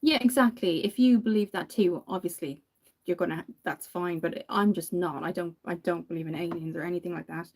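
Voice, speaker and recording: Mellow-voiced Irish woman chatting. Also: on the low side, fairly even intonation, fairly quick, slight background noise. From Ireland. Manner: chatty storytelling, laughs often. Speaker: makeup vlogger. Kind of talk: casual chat while doing makeup.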